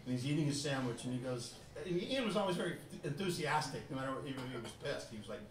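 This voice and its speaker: A man's voice: mid-range voice, lively intonation, fast. Man telling a story, heard from across a room. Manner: casual, profane, laughing as he tells it. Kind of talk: personal storytelling. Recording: roomy sound from a distant mic.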